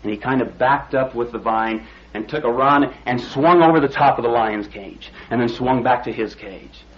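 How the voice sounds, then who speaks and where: Husky preacher guy telling a folksy story in a sermon, muffled old radio recording. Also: mid-range voice, moderate pace. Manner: folksy storytelling, rising excited when telling the climax.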